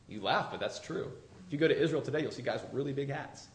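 A man preaching a sermon, moving between loud, urgent calls and hushed, low appeals. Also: lively intonation, fast talker. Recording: roomy echo.

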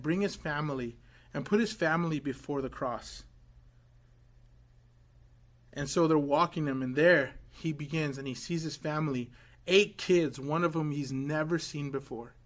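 This fairly high-pitched man is giving a sermon, narrating a story dramatically as he drops to whispered quotations and then swells into loud crescendos.

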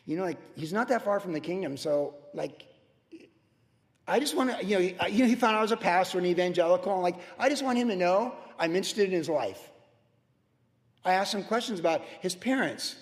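A pastor in his sixties giving a sermon in a conversational, storytelling way with animated asides. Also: sits high, fairly quick, long reverb tail. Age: 60s.

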